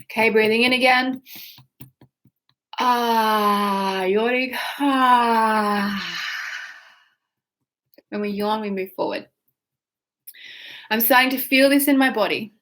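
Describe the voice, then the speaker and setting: A tapping practitioner with a slightly high, somewhat bright voice guides listeners through a tapping and breathing exercise, with a little background noise present. She speaks slowly, giving instructions, yawning, and offering whiny emotional phrases for people to repeat back.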